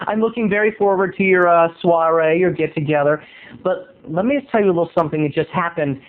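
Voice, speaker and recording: A man's voice: fairly high pitch, quick pace, phone-quality sound. A man video blogging from home into his camera, telling a gossipy comic story in a theatrical, playful manner. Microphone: home camera mic.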